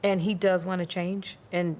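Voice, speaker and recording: A woman's voice: fairly low pitch, little pitch movement, moderate pace, a little mellow. A woman speaking earnestly in a talk-show conversation, often trailing off mid-thought. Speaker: reality show cast member.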